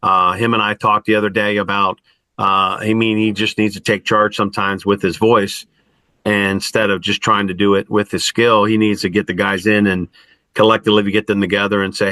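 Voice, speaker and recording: A middle-aged man, a college basketball coach, answers questions in a halting, stop-start way, leaning on "I mean" and "you know". His voice sits a little low but has a bright, forceful edge. The sound is dry and close. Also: flat delivery, dry recording. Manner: halting, many restarts and fillers like "I mean". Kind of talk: post-game style interview answers.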